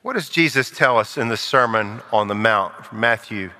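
An older man preaching a sermon, acting out quoted voices and sinking to a hush for solemn lines. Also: fairly low pitch, lively intonation, moderate pace, long reverb tail.

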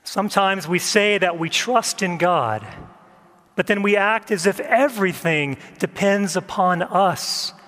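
A man preaching a sermon as a pastor, gentle and measured, reflecting on letting go. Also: high-pitched, big-room sound. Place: church.

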